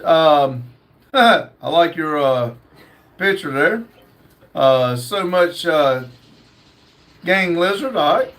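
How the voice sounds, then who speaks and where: A man's voice: a little high, expressive, very slow, long pauses, a bit bright. A man hosting a casual livestream, reading viewer comments aloud with lots of fillers. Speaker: livestream host reading chat.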